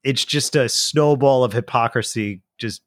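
A man with a mid-pitched, even voice reads news on a casual podcast. He sounds measured and a bit wry, adding dry remarks between quotes. The recording is close and dry. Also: no room sound. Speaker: podcast co-host. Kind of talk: casual chat, reading news aloud.

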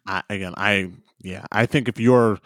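A man in casual political chat, animated and incredulous, using many "like" fillers. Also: on the low side, moderate pace, no echo, studio quality.

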